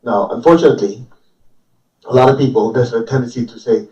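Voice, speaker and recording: A man's voice: medium pitch, a little fast, dark tone, highs cut off. Man teaching in a roomy, distant recording. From Chinese family. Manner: joking, asks the audience questions. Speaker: spiritual teacher. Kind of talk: informal sermon to a group. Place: room with a live audience.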